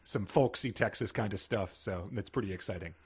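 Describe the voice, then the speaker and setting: A man's voice: on the low side, brisk, a little mellow, breathy edge. A man co-hosting a podcast, chatting wryly about a book and laughing often. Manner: wry, amused, laughing often. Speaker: podcast co-host. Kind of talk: casual comedic book discussion.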